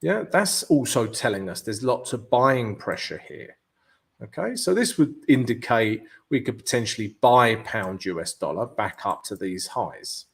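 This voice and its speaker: A man hosts a live market analysis stream, thinking out loud over the charts. His pitch swings widely, bouncing up and down through each phrase around a middle register. He keeps tagging lines with "yeah?" and "guys", restarting phrases as he goes. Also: animated, measured pace, creaky. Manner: peppers talk with "yeah" and "guys" tag questions. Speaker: forex trading channel host.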